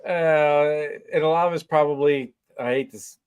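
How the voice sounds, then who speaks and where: A laid-back man co-hosting a podcast. His voice sits a little high, and he mostly chimes in with short, easy agreement. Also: fairly even intonation, a little slow, a little mellow, smooth. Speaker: podcast co-host. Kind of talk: casual chat.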